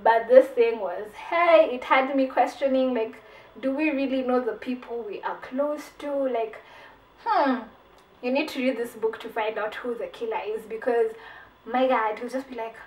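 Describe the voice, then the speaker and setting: A woman giving a casual book review vlog, chatty and animated, often saying "like" and repeating phrases. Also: on the high side, moderate pace, roomy sound, recorded from a distance, low-quality recording.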